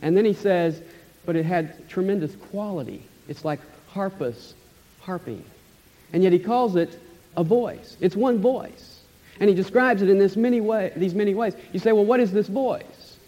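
A pastor with a high, mellow voice delivers an expository sermon with eager emphasis, repeating his key phrases and dropping to a hush at the ends of his lines. The sound is dull and lo-fi, and it rings with the long reverb of a large hall. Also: normal speed. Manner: enthusiastic, emphatic repetition, trailing off softly at phrase ends.

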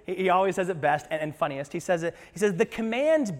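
A man pastor preaching a sermon in a church, moving between hushed passages and emphatic ones, with playful asides to the congregation. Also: high voice, expressive, fast, long reverb tail. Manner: passionate, swings from hushed to emphatic. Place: church sanctuary.

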